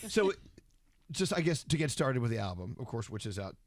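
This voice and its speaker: A man's voice: medium pitch, sing-song, brisk, dry recording, studio quality. Joking male radio host. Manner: joking, teasing. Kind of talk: casual radio interview. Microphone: studio microphone.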